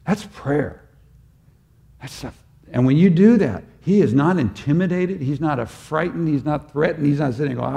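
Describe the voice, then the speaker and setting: A man preaching a sermon as a pastor, moving between loud emphatic peaks and quiet, intimate prayer. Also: a little high, normal speed, gravelly.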